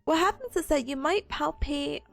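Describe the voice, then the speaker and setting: A young woman with a hoarse, fading voice, reviewing study notes for her stream in a bubbly, giggly, chatty way. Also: high-pitched, normal speed, faint music behind.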